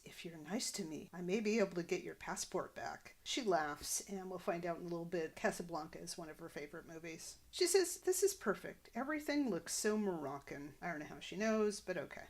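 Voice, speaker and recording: A woman hosting a podcast, recapping a sitcom episode and explaining its jokes and references. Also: medium pitch. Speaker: podcast host.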